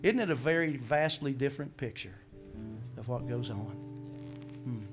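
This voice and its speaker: A man preaching a sermon as pastor, animated, acting out scripture voices and asking the congregation questions. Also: mid-range voice, normal speed, music in the background.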